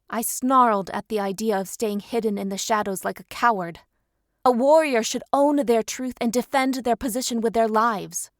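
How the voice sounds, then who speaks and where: A woman reading a first-person audiobook in steady storytelling narration. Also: fairly high pitch, normal speed, dry recording, clean studio sound.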